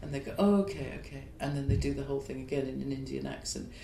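A man's voice: monotone, racing, gravelly, mellow. Reflective man in an echoey room. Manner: reflective, discursive explaining. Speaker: playwright being interviewed. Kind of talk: conversational interview. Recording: echoey room with faint rumble.

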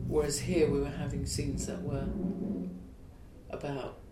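A man's voice: monotone, measured pace. A man, a playwright, being interviewed, explaining his work in a reflective, discursive way. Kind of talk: conversational interview. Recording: echoey room with faint rumble.

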